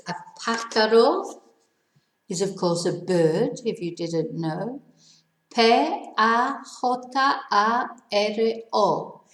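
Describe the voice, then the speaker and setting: A woman teaching a casual video lesson, a little hoarse with laryngitis, spelling words out letter by letter and adding chatty asides. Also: on the low side, roomy sound, low-quality recording. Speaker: Spanish teacher.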